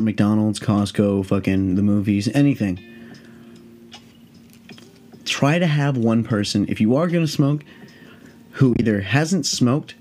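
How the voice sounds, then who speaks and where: A man in his late twenties with a fairly low voice tells a story on his podcast. His telling is loose and rambling, full of swearing and lively asides. It sounds like an unscripted, off-the-cuff chat. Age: late 20s. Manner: rambling, profane, animated. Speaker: podcast host. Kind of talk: casual storytelling.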